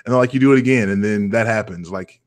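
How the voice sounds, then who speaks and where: Playful low-voiced man hosting a podcast. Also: quick pace, no echo. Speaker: podcast host. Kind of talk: casual sports chat.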